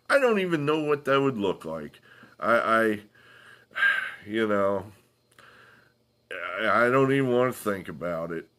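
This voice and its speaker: A man hosting a solo political commentary, talking from home in a halting way with sighs and restarts. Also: fairly low pitch, animated, fairly bright tone.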